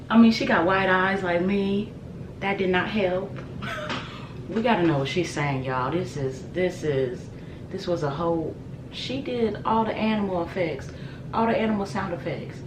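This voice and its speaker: Excitable woman reacting, echoey room. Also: lowish voice, normal speed, noisy background. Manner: excitable, exclaiming, addresses viewers as "y'all". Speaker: music reaction vlogger. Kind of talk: casual reaction commentary. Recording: echoey room with music playing.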